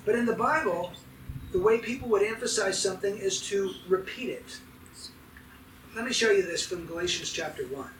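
A man preaching with a high, bright, ringing voice, emphatic and putting questions to the congregation. He is recorded from some distance in an echoey church hall. A faint hiss sits under his voice. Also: normal speed. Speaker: pastor. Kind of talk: sermon.

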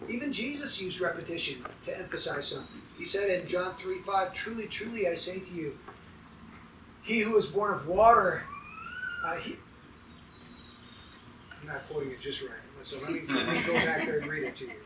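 A man's voice: high voice, lively intonation, moderate pace, long pauses, echoey room, recorded from a distance, noisy background. A man preaching a sermon as pastor, emphatic and putting questions to his congregation.

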